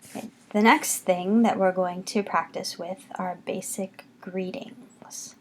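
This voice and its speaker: A woman's voice: medium pitch, steady tone, slight background noise. A woman teaching a beginner French lesson, patiently repeating each word for her students. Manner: patient, slow, repeats words for students to copy. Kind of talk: recorded classroom lesson.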